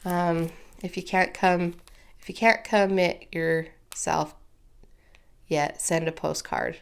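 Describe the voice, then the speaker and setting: Chatty lady doing a crafting tutorial, kinda low voice, takes her time, gushes over stuff. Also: steady tone, slow pace, gravelly, clear, resonant tone. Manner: chatty, gushing, easily moved. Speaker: crafting video host.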